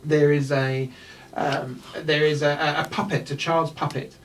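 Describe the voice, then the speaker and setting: Halting man game master. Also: fairly high pitch, level tone, distant mic, soft background music, poor audio. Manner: halting, lots of ums and restarts. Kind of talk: narrating a tabletop game.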